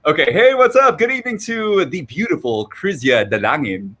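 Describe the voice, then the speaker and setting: A man's voice: on the high side, lively intonation, moderate pace, fairly bright tone. A man guest DJ greeting listeners in a playful, upbeat way. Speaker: guest radio DJ.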